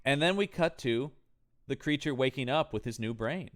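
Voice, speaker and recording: Lively joking male podcast co-host. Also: medium pitch. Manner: animated, jokey, slips into quick voices. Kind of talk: casual movie-review chat.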